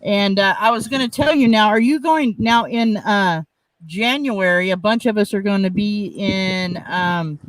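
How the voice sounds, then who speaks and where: High-voiced man chatting with many fillers. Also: unhurried, no room sound, low-quality recording. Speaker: guest. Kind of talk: casual chat.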